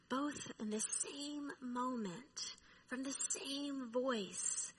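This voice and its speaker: A woman preaching, telling a personal story in a slow, reflective way. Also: a little high, a bit bright, slight background noise, rough recording.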